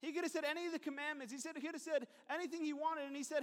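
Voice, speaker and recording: A man with a very high voice delivers a sermon as a pastor. He keeps it conversational, with asides, repeated phrases and quick questions to the crowd. His voice rings out with a long reverb in a church hall. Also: steady tone, fairly bright tone.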